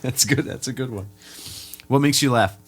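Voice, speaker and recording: A man hosting a podcast, asking interview questions in a relaxed way, with quick laughs and short replies of agreement. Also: mid-range voice, faint music behind. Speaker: podcast host.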